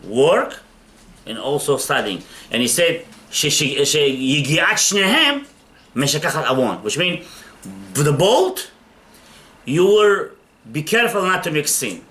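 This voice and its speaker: Animated, bright-voiced rabbi lecturing. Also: male voice, on the high side, a little hiss or hum. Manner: animated storytelling, rhetorical questions to listeners. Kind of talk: Torah lecture.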